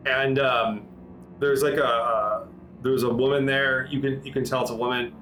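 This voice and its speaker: A man's voice: mid-range voice, little pitch movement, moderate pace, fairly bright tone, low-quality recording. Rambling man running a tabletop game. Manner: rambling, many restarts and fillers. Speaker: game master.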